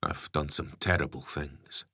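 A man playing a stubborn ex-convict father who talks calmly and plainly. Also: extremely low pitch, unhurried, husky, no room sound, studio quality, exaggerated voice. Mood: resigned. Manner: calm, plain-spoken.

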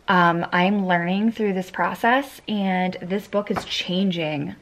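A young woman, a single mom, chatting casually to camera in a rambling vlog style with lots of fillers. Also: on the low side.

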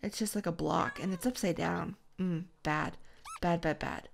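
A woman hosting a gaming channel, giving soft whispered ASMR commentary as she plays and chats to the game's animals. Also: lowish voice, fairly even intonation, moderate pace, vocal fry, a little hiss or hum. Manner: soft whispering, chatty asides to the game animals.

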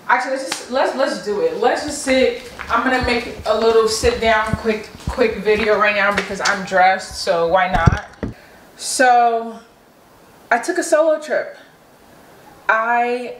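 A woman talking in a casual travel vlog, effusive and emphatic, repeating how excited and grateful she feels. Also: medium pitch, reverberant, a little hiss or hum, poor audio. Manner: gushing, effusive, emphatic repetition. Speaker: travel vlogger. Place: hotel resort room. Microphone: phone held while walking.

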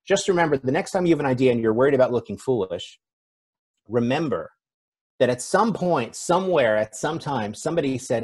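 A man's voice: mid-range voice, animated, fairly quick, darkish tone, slightly rough. A man speaking as a conference speaker in a conversational, self-deprecating keynote, with frequent fillers. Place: event stage.

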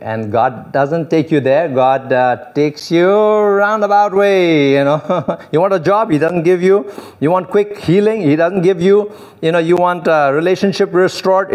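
A man preaching a sermon as pastor, animated and repetitive, often chuckling and acting out the voices of others. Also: on the high side. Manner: repeats phrases and uses you know as filler.

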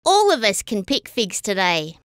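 A woman's voice: medium pitch, very animated, a little slow, a bit bright, smooth, no room sound, clean studio sound. A woman doing Blink, a cheerful ranger. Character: cheerful, friendly animal ranger.

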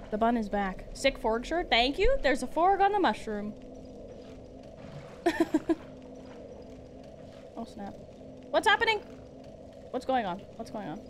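A woman streaming a game live, chatting casually with her chat, giggling often and breaking into excited outbursts. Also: on the high side, noisy background.

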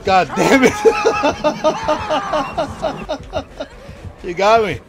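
A man streaming a horror game, reacting excitably with lots of laughter and panicked yelps. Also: on the high side, measured pace. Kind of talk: reacting to gameplay.

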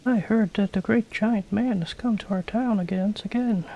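A man's voice: high voice, normal speed, dark tone, lo-fi sound, a little hiss or hum, pitched above the performer's own voice. A man voicing a solemn villager woman in a fantasy game, reading her lines stiffly in a raised voice.

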